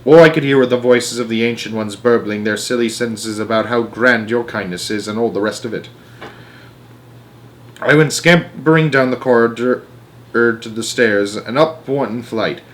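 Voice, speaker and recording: A man narrating a children's novel aloud in a middle-range voice. His storytelling is lively and dramatic, pushing the tension along scene by scene. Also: medium pitch, moderate pace, slight background noise.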